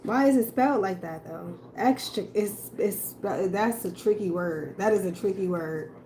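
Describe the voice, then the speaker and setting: A woman in a casual reaction video, slowly repeating a hard word and laughing at herself. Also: medium pitch, dark tone, a little hiss or hum, poor audio. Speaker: tarot reader and video creator.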